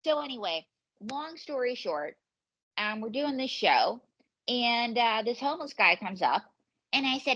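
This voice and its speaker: A woman's voice: on the high side, expressive, a little slow, a bit bright, highs cut off. A woman comedian and ventriloquist telling rambling, jokey anecdotes as a guest on a podcast. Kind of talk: comic storytelling in a podcast interview.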